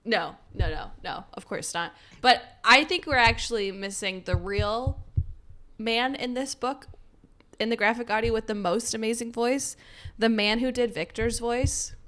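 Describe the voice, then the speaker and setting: A chatty, playful woman co-host swapping anecdotes in casual book-review chat. Her voice is bright and forward, with a sharp edge to the tone. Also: fairly high pitch, a little slow. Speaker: podcast co-host.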